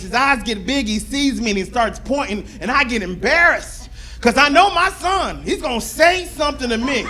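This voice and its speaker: A middle-aged man from Florida doing a stand-up comedy set on a club stage, telling a story with lively, animated delivery. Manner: animated storytelling, squealing high shouts when acting out his crying.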